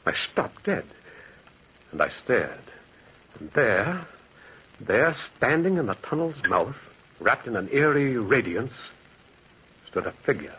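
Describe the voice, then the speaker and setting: A man's voice: mid-range voice, sing-song, slow pace, long pauses, slight background noise. An actor playing a railwayman who narrates his eerie encounter with an urgent, dramatic delivery, in 1940s radio-drama style on a dull old recording. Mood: tense narrating. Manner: urgent, tense, dramatic storytelling.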